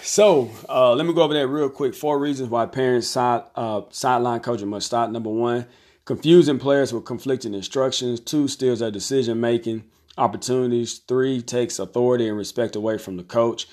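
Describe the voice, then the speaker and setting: Man, 30s, casual coach talking to camera, repeats himself, mid-pitched, everyday delivery. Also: normal speed, darkish tone. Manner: conversational, repeats phrases, acts out quoted voices. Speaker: basketball coach and commentator. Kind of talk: casual talk to camera, reviewing an article.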